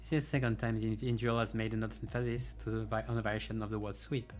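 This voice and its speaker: A game streamer plays through a game's story, reading the dialogue aloud and breaking off for dry, sarcastic asides. His lowish voice moves quickly with little pitch movement, and faint music plays behind him.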